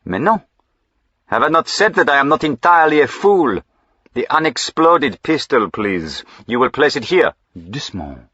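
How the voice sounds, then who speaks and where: A man voicing a suave gentleman highwayman with a French accent, polite, ironic and commanding, in an audiobook reading. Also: sing-song, normal speed, husky, dry recording, muffled recording, full character voice.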